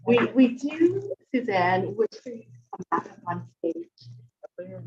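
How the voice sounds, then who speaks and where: Chatty woman host, slightly high voice. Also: very animated, darkish tone, muffled recording. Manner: chatty, halting with fillers. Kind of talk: live event hosting.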